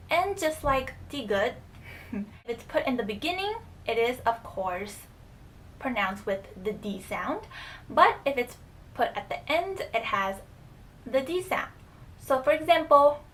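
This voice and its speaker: A young woman with a fairly high voice teaches a relaxed video lesson. She explains patiently and says each example word twice. A faint hiss sits behind her voice. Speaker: language teacher.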